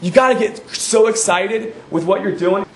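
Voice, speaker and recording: A young man giving an energetic, emphatic motivational talk as a guest speaker at a university event, often repeating phrases for effect. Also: high-pitched, moderate pace, a little hiss or hum. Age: young adult. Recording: echoey room, recorded from far off.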